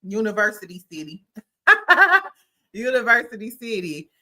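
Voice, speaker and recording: A woman's voice: fairly high pitch, sing-song, a little slow, sharp tone. A woman from St. Louis hosting a casual livestream, bubbly and laughing often as she greets her chat by name. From St. Louis, USA. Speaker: livestream host.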